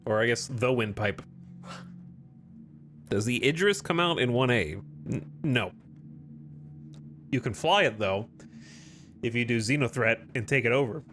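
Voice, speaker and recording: A man giving live gameplay commentary to his chat, clearing his throat often after choking. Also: medium pitch, lively intonation, measured pace, long pauses, a bit bright. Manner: talks to chat while playing, with frequent throat clearing. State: choking and coughing. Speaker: streamer.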